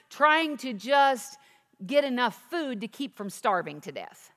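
A woman's voice: fairly high pitch, a bit bright, long reverb tail. A woman teaching a sermon, reading scripture aloud and then explaining it with questions to the listeners. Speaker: Bible teacher.

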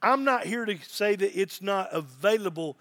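High-voiced man preaching a sermon. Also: animated, moderate pace, fairly bright tone. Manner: emphatic preaching, repeats phrases. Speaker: pastor.

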